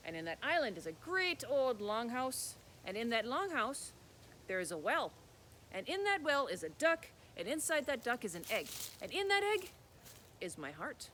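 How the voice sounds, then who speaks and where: A man's voice: very high-pitched, very animated, normal speed, pushed and bright, a little hiss or hum, exaggerated voice. A man voicing a big heartless male troll who boasts and then whimpers, in a told folk tale. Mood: boastful.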